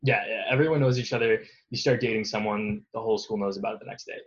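A man's voice: fairly low pitch, fast. Rambling young man, dull recording. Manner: rambling, self-deprecating, laughs often. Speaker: guest. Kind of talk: casual interview chat.

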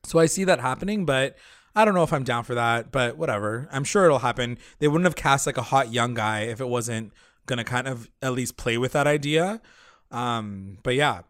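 A man's voice: medium pitch, dry recording, clean studio sound. A man co-hosting a casual chat show, loosely retelling an episode with plenty of filler words. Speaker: podcast co-host.

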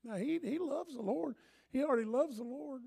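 Older male pastor, high gravelly voice, storytelling sermon that swings from soft to loud. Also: normal speed.

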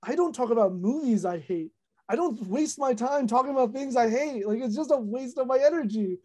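A young woman, a content creator, chatting casually on a podcast, talking fast with lots of fillers and animated retellings. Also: on the high side.

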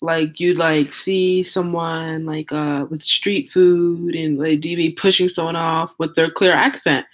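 A young woman with a notably low voice rambles through a story in casual group chat. Her sentences fill up with likes and restarts. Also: level tone, a little slow, few pauses. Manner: rambling with many fillers.

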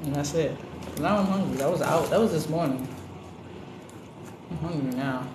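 A woman chatting casually on a podcast, telling lively stories with plenty of swearing and acted-out voices. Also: sits low, moderate pace. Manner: animated storyteller, profane, acts out other voices. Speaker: podcast co-host. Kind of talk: casual chat. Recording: roomy with background noise.

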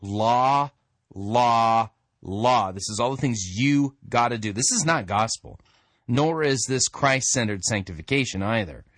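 Mid-pitched male host, scornful critique, dead-dry mic. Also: lively intonation, moderate pace, fairly bright tone, husky, no room sound. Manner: blunt, scornful interjections. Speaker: host reviewing sermons. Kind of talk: critical commentary.

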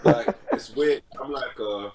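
A man's voice: mid-range voice, a little slow, echoey room, very noisy. A young man chatting casually as a podcast guest, laid-back, laughing often and saying "bro" a lot. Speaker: podcast guest, fitness content creator. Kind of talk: casual chat.

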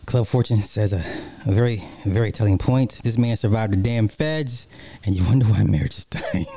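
A man's voice: on the low side, normal speed, mellow, breathy edge, no echo. A man giving a heated, profane reaction commentary in blunt everyday speech.

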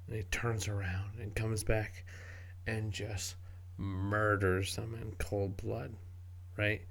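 A man with a gravelly, creaky voice talks at a slow, unhurried pace, sitting a little low in pitch. He rambles in a casual way, restarts his phrases often and swears freely. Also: little pitch movement, a bit bright. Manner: rambling, profane, frequent restarts. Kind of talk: casual spoken commentary.

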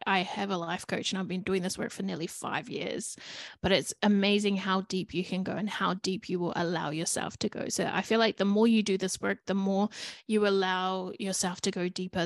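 A woman speaking in a relaxed, confessional vlog, chatty and candid, with lots of fillers. She sometimes acts out her own inner voice. The sound is dry and close, with her voice sitting at a middle pitch. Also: no echo. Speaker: vlogger. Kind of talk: casual personal reflection.

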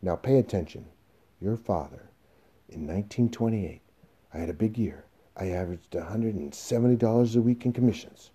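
A man's voice: lowish voice, normal speed, breathy edge. A man reading as a desperate aging salesman. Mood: pleading. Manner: pleading, emotional, rising to shouts. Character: aging, desperate male salesman pleading for his job.

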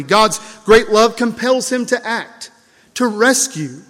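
A man preaching a sermon as pastor, emphatic and measured, repeating key phrases and letting his lines fall away softly. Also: high-pitched. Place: church. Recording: long reverb of a church hall.

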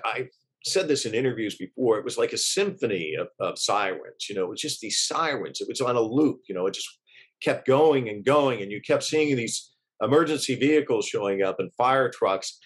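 A middle-aged man, a journalist, recalling what he witnessed in an interview, earnest and halting, with many restarts and fillers. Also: mid-range voice, lively intonation, husky. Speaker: journalist eyewitness.

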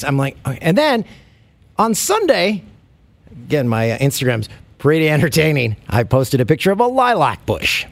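A man's voice: on the high side, wildly swooping pitch, moderate pace, dry recording. A man co-hosting a podcast, telling stories in a dry, wry way. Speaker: podcast co-host. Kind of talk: casual comedic chat.

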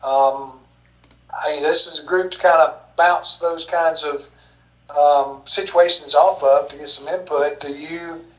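Man, group leader, hesitant, many fillers, slightly high voice, echoey room. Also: fairly even intonation, slow, fairly bright tone. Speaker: leader of a sales coaching group. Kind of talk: casual group call, moderating.

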